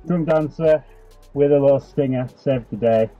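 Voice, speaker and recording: A man's voice: mid-range voice, normal speed, highs cut off, soft background music. A young man talking casually to camera while fishing outdoors on a canal bank, muttering to himself and swearing mildly. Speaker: fishing vlogger. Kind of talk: casual vlog commentary.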